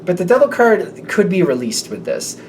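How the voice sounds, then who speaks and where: His voice is high-pitched and a little mellow, with huge pitch swings, at a moderate pace. He's a man giving a casual, rambling tarot reading who sometimes acts out little voices. The mic is slightly distant, and faint room noise can be heard.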